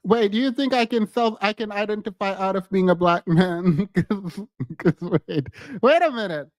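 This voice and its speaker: A man's voice: high-pitched, moderate pace, no room sound. A man co-hosting a livestream, chatting casually and teasingly with viewers, laughing often and repeating phrases. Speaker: livestream co-host.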